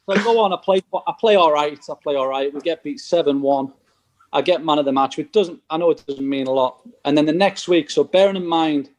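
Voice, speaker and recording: A former footballer appears as a podcast guest, casually telling stories and voicing the back-and-forth he quotes. His voice sits on the high side with a darkish tone.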